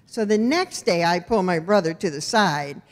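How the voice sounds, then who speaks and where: A woman's voice: lowish voice, normal speed. Wry woman telling a story. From rural Iowa, US. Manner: wry, expressive, animated in punchlines. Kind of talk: live personal storytelling. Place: storytelling event venue. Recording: long hall reverb.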